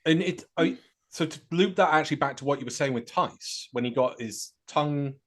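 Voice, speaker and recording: A man's voice: a little high, moderate pace. A man co-hosting a casual political chat, joking and laughing readily. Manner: lively, jokey, laughs often.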